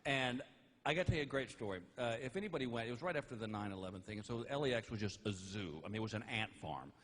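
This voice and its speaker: On a large theater stage, a middle-aged comedian rapidly tells animated stories, slipping into high put-on voices for his wife and dog. It's a live concert recording, with a laughing audience and crowd noise.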